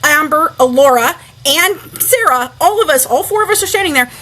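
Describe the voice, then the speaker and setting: A woman, an interview guest, telling a story in casual, animated talk full of "like" fillers. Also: high voice, normal speed, a little hiss or hum, low-quality recording.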